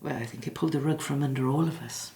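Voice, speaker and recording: An actress playing a bereaved middle-aged South Welsh woman who speaks in a halting, reflective way and apologizes as she comes close to tears. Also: a bass voice, dark tone. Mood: sorrowful. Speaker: bereaved daughter interviewed in her office. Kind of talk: filmed drama monologue. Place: quiet office after hours.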